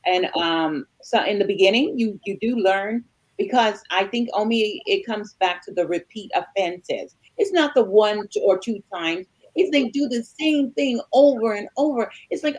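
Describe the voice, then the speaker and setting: A middle-aged woman co-hosting a podcast, telling a story with lively acted-out dialogue. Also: mid-range voice, normal speed, rough recording. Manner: animated storyteller, acts out dialogue. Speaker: podcast co-host. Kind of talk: storytelling chat.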